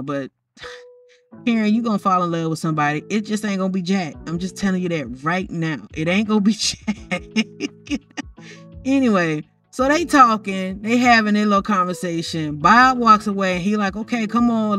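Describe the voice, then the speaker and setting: Narrating a life-simulation story over gameplay footage, a woman chats in a loose, gossipy way, teasing the characters and addressing them directly. Her lowish voice is recorded from a distance, a little back from the mic, with soft music underneath.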